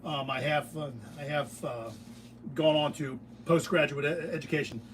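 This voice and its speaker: American man, middle-aged, high-pitched, opinionated rambling, distant mic, faint noise. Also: steady tone, normal speed. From United States. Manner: opinionated, digressive, self-interrupting with restarts. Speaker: beekeeping channel host. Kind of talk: casual rambling monologue. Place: workshop.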